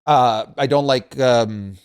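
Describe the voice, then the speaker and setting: A man co-hosting a podcast in casual chat, animated and opinionated, often restarting his sentences. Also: mid-range voice, slow pace, clean tone. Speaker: podcast co-host.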